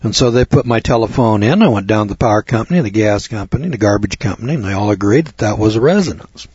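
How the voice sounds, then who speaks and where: A man's voice: on the low side, animated, fast, darkish tone, husky, no room sound, dull audio. A man telling a folksy anecdote to an audience in a conversational way, repeating phrases for emphasis. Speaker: storyteller addressing an audience.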